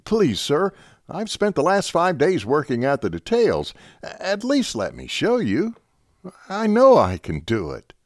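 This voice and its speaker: A man's voice: medium pitch, wildly swooping pitch, a little slow, dry recording, studio quality, pitched above the performer's own voice. A man voicing an eager young army lieutenant, earnest and stammering over his plan.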